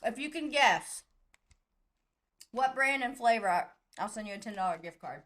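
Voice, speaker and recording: A woman's voice: on the high side, animated, moderate pace, a bit bright. A woman co-hosting a podcast in casual chat, chatty and laughing often. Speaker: podcast co-host.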